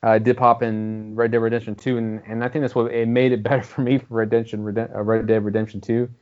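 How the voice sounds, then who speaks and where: Talking fast in a lowish voice with little pitch movement, a man rambles casually about video games, swearing freely and acting out characters' lines. The recording sounds dull and lo-fi.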